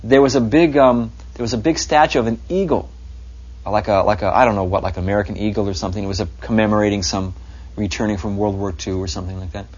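A man's voice: on the low side, fairly even intonation, fast, darkish tone, husky, dull audio. A man telling rambling, unsure anecdotes about his teacher in a reminiscing interview. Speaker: devotee recalling his teacher.

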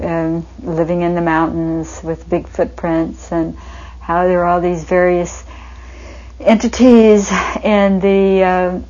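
A woman with a fairly low, slightly mellow voice, recorded with muffled sound, reminisces in an interview. As a devotee, she tells wistful stories about her spiritual teacher.

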